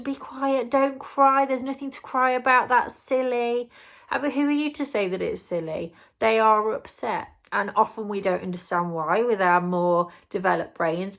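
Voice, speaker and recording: Woman, mid-pitched with a gravelly edge, explains parenting tips earnestly to camera. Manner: earnest, explanatory, acts out the parent's and child's words. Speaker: parenting vlogger. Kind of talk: advice monologue to camera.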